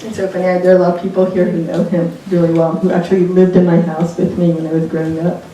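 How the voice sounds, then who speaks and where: Woman author, low and mellow, reflective storyteller; distant mic, very roomy. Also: little pitch movement, fast talker. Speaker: author at a book event. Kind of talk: live onstage conversation. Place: bookstore event space with audience. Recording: very echoey room, mic far off, faint noise.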